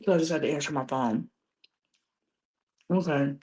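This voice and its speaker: Low-voiced grandma chatting on a live stream. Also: female voice, normal speed. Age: older. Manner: profane, chatty, greets viewers by name; hushed at times to keep a grandchild asleep. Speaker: livestream host. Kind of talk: casual live-stream chat.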